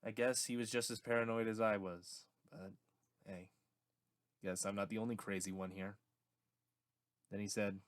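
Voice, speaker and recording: A young man narrates his own story as an audiobook, loosely and casually, often stammering and restarting. His voice sits on the low side. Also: level tone, normal speed, pauses often, no echo, clean studio sound. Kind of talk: first-person audiobook narration.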